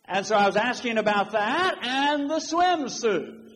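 A male preacher delivers an emphatic sermon, his high, husky voice swinging widely up and down. He quotes scripture in old-fashioned wording, and the long reverb of a large church hall trails each phrase. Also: lively intonation, unhurried, hardly any pauses, a bit bright.

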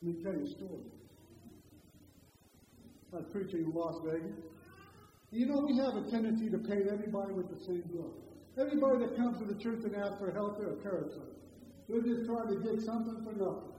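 A man preaching a sermon, who stresses points loudly and slowly and then drops to a quiet storytelling voice. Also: sits high, slight background noise. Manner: emphatic, swings from loud slow stresses to quiet storytelling. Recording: echoey hall, dull lo-fi sound.

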